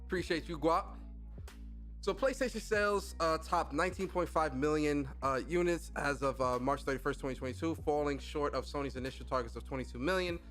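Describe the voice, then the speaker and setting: A man with a slightly higher-than-usual voice hosts a gaming podcast, reading news aloud and reacting to it. He talks casually and with a lot of feeling, swears freely and breaks into laughter. Faint music plays behind him. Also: brisk. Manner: animated, profane, laughs often.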